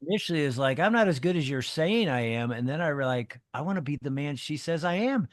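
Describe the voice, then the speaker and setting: A man's voice: a little high, lively intonation, fast talker, dry recording. Emphatic man, preacher-style punch, dry sound. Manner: emphatic, rises to punchy exhortations. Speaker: guest, former pastor and radio co-host. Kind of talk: casual chat with preacher-like emphasis.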